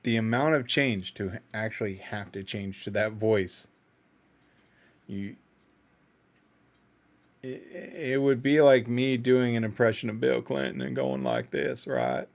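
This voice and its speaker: A man's voice: medium pitch, steady tone, measured pace, creaky, pauses often. Man musing through a music reaction. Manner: thinking aloud, analytical and self-doubting. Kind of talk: casual reaction commentary.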